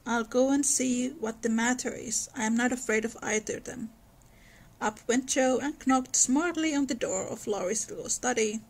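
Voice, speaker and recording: Woman on a book podcast, kinda gravelly and high, says like a lot. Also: moderate pace, low-quality recording. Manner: thoughtful, with many "like" fillers. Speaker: podcast co-host. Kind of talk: casual chat and reading aloud from a novel.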